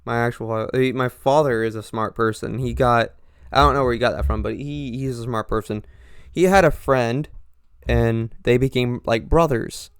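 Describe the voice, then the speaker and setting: A young man with an accent mixing Northern and Southern US speech, hosting a podcast in a halting, rambling monologue full of restarts. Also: medium pitch, steady tone, clean tone, dry recording, clean studio sound. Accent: mix of Northern and Southern US. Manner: halting, with frequent restarts and trailing pauses. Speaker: podcast host.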